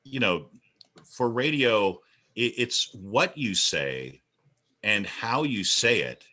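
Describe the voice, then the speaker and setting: Low, bright-voiced veteran radio man. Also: very animated, slow pace. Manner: projecting, booming delivery. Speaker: radio broadcaster. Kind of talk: panel discussion over video call.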